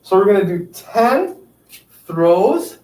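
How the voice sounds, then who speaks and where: Yoga instructor, lively pitch, slow unhurried counting, echoey room, distant mic, faint background noise. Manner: counting out reps, upbeat encouragement. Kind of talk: guided exercise class.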